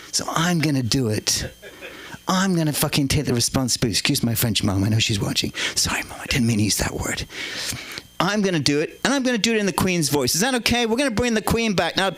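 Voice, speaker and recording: A man's voice: on the high side, fairly bright tone. An English man performing a stand-up set on a comedy club stage, rambling and cheeky with playful asides. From England.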